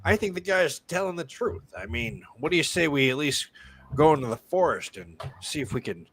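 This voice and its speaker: A man's voice: a little high, big pitch swings, fairly quick, fairly bright tone, slight background noise. A man playing a tabletop game in character, wry and easygoing with a joking manner. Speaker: player. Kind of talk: in-character tabletop role-play.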